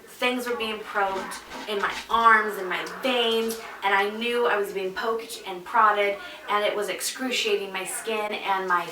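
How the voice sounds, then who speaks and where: Woman vlogger, chatty storytelling, lots of fillers and asides, bright voice, mic at a distance. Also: mid-range voice, slight background noise. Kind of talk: casual storytelling. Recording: echoey room, mic at a distance.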